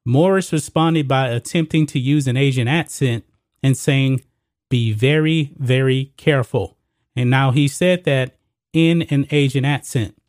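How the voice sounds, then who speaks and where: A man's voice: mid-range voice, a little slow, a little mellow, no room sound, clean studio sound. A man hosting his own sports commentary channel, talking casually and straight to his viewers, often calling them guys and folks. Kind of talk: casual opinion commentary to camera.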